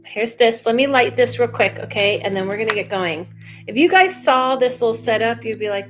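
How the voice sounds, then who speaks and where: Young adult woman, casual psychic livestream host, chatty and self-interrupting, mid-pitched, soft music bed. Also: normal speed. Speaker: psychic medium doing live readings.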